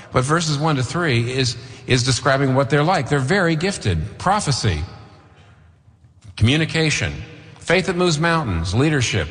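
A male pastor delivers a sermon with emphatic, rhetorical force, stacking repeated phrases to drive each point home. His voice sits at a middling pitch. The sound rings with the long reverb of a large church hall. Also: fairly bright tone.

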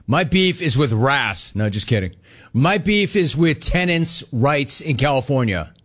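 A middle-aged man hosting a live call-in show, reading viewer messages aloud in a brash, jokey, teasing manner. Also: fairly high pitch. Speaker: talk show host.

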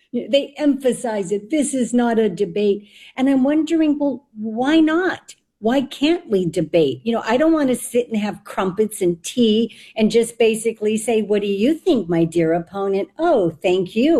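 Woman candidate, emphatic and argumentative, mellow warm tone. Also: fairly high pitch. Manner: emphatic, argumentative, mock-polite asides. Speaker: candidate for lieutenant governor. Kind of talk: political discussion.

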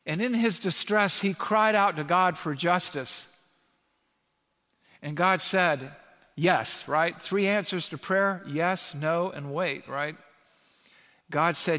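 A pastor preaching an animated sermon, reading scripture aloud and building to emphatic peaks. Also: male voice, high-pitched, slow, long pauses. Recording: long reverb of a large hall.

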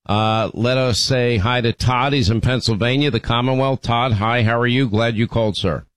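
Into a studio microphone, a call-in radio host with a medium pitch speaks to callers in a steady tone at a moderate pace. He keeps things conversational but often breaks off and restarts, repeating words. The audio is dry and poor.

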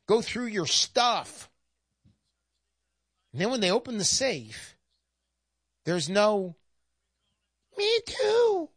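Woman presenter, folksy and emphatic, sarcastic asides; lively, swooping delivery. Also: medium pitch, dry recording, studio quality. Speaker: presenter pitching gold investment. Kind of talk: persuasive sales monologue.

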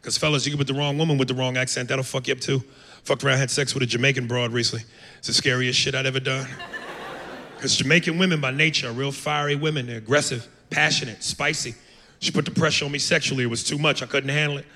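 A man's voice: mid-range voice, fairly even intonation, quick pace. An American man doing stand-up on a club stage, telling brash, profane stories with lots of animation. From United States. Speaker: stand-up comedian. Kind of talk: stand-up routine. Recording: live club mic with long reverb and noise. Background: audience laughter.

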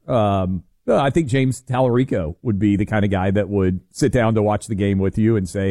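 A man's voice: moderate pace, warm tone, dry recording, studio quality. Wry, opinionated talk radio man. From Tennessee. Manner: wry, opinionated, many fillers, drops low to finish a point. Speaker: radio talk show co-host.

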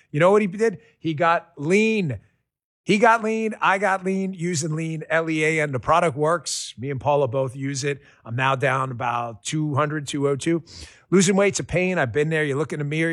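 A man's voice: a little high, a bit bright, dry recording, clean studio sound. Enthusiastic folksy ad-reading radio man. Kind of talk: personal testimonial ad read.

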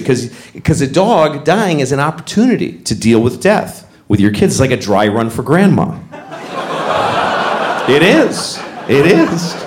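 Brief: middle-aged male comedian, animated, acts out voices, roomy live venue. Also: fairly high pitch. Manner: animated storytelling with acted-out voices, often laughing. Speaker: stand-up comedian. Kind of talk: stand-up comedy routine. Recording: echoey venue with background noise.

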